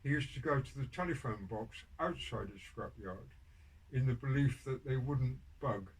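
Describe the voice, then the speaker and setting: An older man tells prison stories on a podcast in a casual storytelling interview, speaking at a moderate pace with a medium-pitched voice. He rambles with many ums and restarts and shows dry, wry humor, recorded on a distant mic with background noise.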